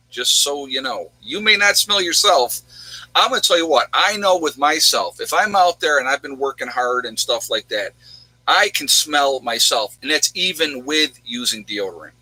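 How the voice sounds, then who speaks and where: A man's voice: a little high, pushed and bright, no echo, rough recording. A man hosting a casual livestream, chatting in a rambling way and answering viewers' questions. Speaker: livestream host.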